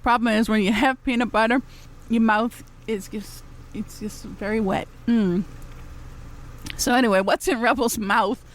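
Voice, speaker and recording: A woman's voice: fairly high pitch, fairly even intonation, a little slow, slight background noise. A woman host, chatting casually on live radio, rambling and cheeky, laughing often between phrases.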